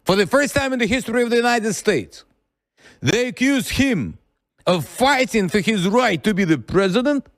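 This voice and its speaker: A man hosting an interview, animated and mocking, with a sarcastic edge. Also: sits high, normal speed, dry recording. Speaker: host.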